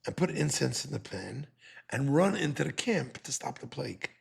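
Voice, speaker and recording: A man's voice: medium pitch, big pitch swings, moderate pace, gravelly, breathy edge, full character voice. A man playing an older male prophet who gives urgent orders.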